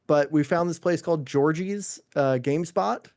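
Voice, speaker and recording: A man co-hosting a gaming podcast in casual chat, relaxed and easygoing as he asks questions. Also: on the high side, moderate pace.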